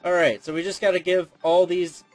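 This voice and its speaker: A man's voice: high voice, flat delivery, brisk, no echo, faint music behind. A man hosting a let's play, giving casual, chatty and self-deprecating gameplay commentary.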